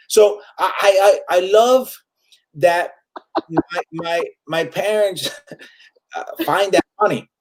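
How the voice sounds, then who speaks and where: A comedian in his forties with a Puerto Rican accent chats casually as an interview guest, switching freely between English and Spanish with many fillers. His voice sits high and his pace is slow.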